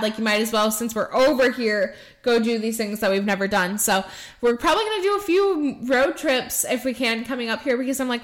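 A bubbly young woman from Michigan chats as a podcast host, laughing often and filling her talk with "like". Her voice sits a little high for a woman. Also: fairly quick. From Michigan, USA. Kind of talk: casual chat.

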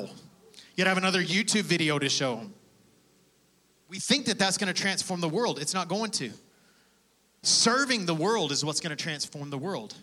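A man preaching a sermon as pastor, animated and conversational, with laughs and acted-out prayers. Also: sits high.

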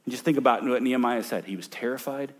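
A man in his thirties, a pastor preaching a sermon, moving from loud emphatic points to hushed storytelling. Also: mid-range voice, fast. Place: church sanctuary.

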